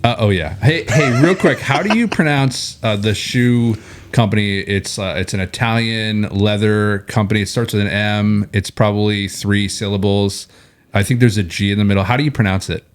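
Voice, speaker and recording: A man's voice: lowish voice, moderate pace. A man in his forties co-hosting a casual podcast, joking and often restarting his sentences. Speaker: podcast co-host. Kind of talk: casual chat.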